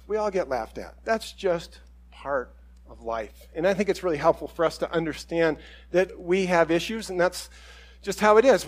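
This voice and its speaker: High-voiced man giving a chatty sermon. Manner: conversational storytelling with quoted voices; self-deprecating humor with chuckles. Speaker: pastor.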